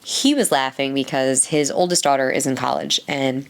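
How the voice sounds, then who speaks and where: Woman, low voice, podcast co-host, casual chat, giggly storyteller. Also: moderate pace. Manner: chatty storyteller, acts out quoted dialogue; giggly, frequent laughs.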